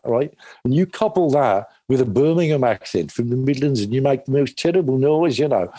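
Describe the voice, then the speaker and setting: A man's voice: medium pitch, lively intonation, a little fast, mellow, no echo. A man from England, a guest actor in an interview, telling stories in a rambling way with many restarts. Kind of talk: casual interview talk.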